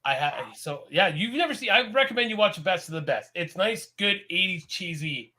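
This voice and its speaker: A man from Canada with a high, bright voice that swings widely as he rambles through a casual podcast chat. He laughs often and talks in an animated, easygoing way. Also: normal speed. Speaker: podcast co-host.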